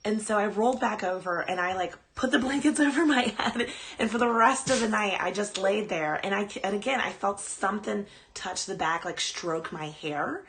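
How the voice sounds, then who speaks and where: A woman's voice: medium pitch, lively intonation, moderate pace, hardly any pauses, fairly bright tone. A woman podcast host casually telling a personal ghost story on a live stream, rambling and chatty. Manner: chatty, rambling, breaks off to coo at her dog.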